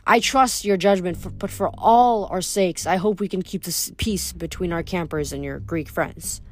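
A woman voicing a composed, commanding young female leader in a storybook reading, speaking low and measured. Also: slight background noise, close to an everyday voice.

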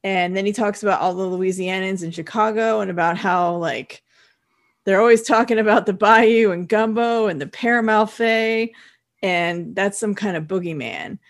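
A woman co-hosting a podcast, recapping a TV episode in relaxed, chatty storytelling. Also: mid-range voice, moderate pace. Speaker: podcast co-host. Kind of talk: casual chat recapping a TV episode.

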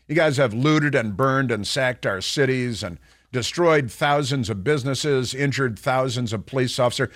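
A man's voice: fairly high pitch, fairly bright tone, dry recording, clean studio sound. Sarcastic talk radio host man. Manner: sarcastic, mocking, puts on voices to ridicule; rambling with many fillers and restarts. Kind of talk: political talk radio monologue.

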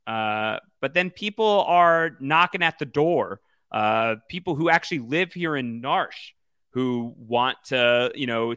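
A man co-hosting a podcast, speaking with a bright, clear tone in a dry, close sound. He chats casually and haltingly, with many fillers and restarts. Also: mid-range voice, dry recording. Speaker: podcast co-host. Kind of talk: casual chat about a video game.

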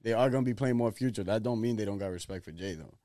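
A man's voice: fairly low pitch, quick pace, mellow, dry recording, clean studio sound. A man co-hosting a casual podcast chat, laid-back, who argues his points in slang.

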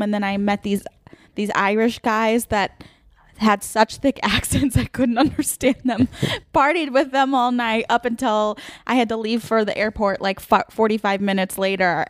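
A woman's voice: medium pitch, clear, resonant tone, no echo. Rambling storyteller woman, dry sound. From United States. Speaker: recurring podcast guest. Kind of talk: casual chat.

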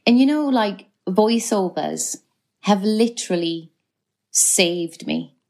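A woman's voice: mid-range voice, animated, takes it slowly, dark tone. A middle-aged woman with a Geordie accent, chatting as a guest on a podcast, full of fillers and restarts. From North East England. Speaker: actress guest. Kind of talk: casual chat.

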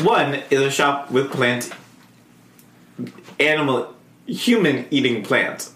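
A podcast co-host in casual chat, wandering through sentences with plenty of ums and breaking into laughter. The voice sits at a middling pitch. It rings in an echoey room with a faint hiss underneath. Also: expressive, slow, fairly bright tone. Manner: rambling, hesitant, many ums, laughs mid-sentence.

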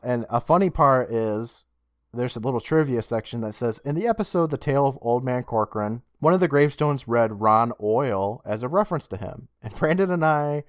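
A man's voice: mid-range voice, animated, normal speed, dry recording. A man co-hosting a podcast in casual chat, reading out listener questions in a chatty, giggly, upbeat way. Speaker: podcast co-host.

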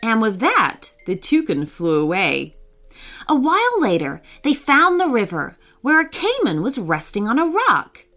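A woman narrating a children's story in a gentle, expressive way, voicing the children as she goes. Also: on the high side, a little slow, faint music behind.

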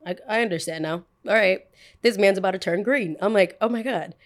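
A woman's voice: medium pitch, brisk. A young woman hosting a podcast, telling a workplace story in casual chat and acting out both sides of the dialogue. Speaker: podcast host.

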